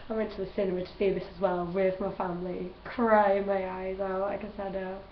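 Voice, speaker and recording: A woman's voice: medium pitch, little pitch movement, normal speed, slight background noise. A young woman vlogging in a chatty, gushing way and laughing often as she answers questions. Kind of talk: casual chat. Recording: roomy, distant, dull home recording.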